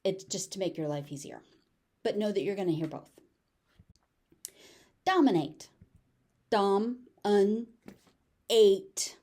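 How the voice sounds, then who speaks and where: A woman with a General American accent teaching pronunciation, repeating each word slowly and deliberately. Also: lowish voice, expressive, warm tone, slightly rough. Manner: slow, deliberate word drilling with repeated examples. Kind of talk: pronunciation lesson.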